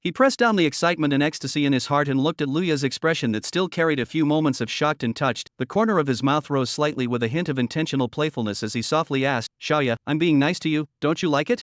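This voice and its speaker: A male narrator reads a story recap in a steady, matter-of-fact way. His voice sits a bit high and comes across close and dry, with no room sound. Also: fast, few pauses, dry recording.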